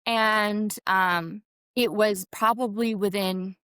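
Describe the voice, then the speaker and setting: Woman guest on a podcast, mid pitch, lots of um and like, dry close sound. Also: fairly even intonation, takes it slowly, fairly bright tone, clean tone, no room sound. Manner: rambling, many fillers, acts out quotes. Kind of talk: conversational interview.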